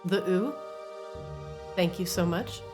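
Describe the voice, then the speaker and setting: A woman's voice: fairly low pitch, slow, music in the background. A woman who runs a tabletop game stream, chatting casually with her players and laughing often before signing off to viewers. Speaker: game master and host. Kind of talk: casual chat and stream sign-off.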